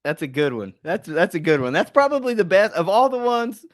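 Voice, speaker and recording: Middle-aged host, relaxed rambling interviewer, dry close sound. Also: male voice, high voice, fairly quick, no echo. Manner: friendly, rambling questions, laughs easily. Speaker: podcast host. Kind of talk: casual podcast interview.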